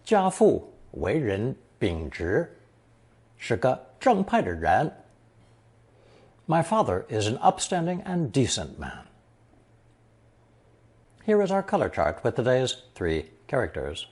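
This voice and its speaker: Slow readings of example sentences, each followed by an English translation, make up this Chinese lesson narration. The man teaching has a husky voice and a lively, swooping pitch.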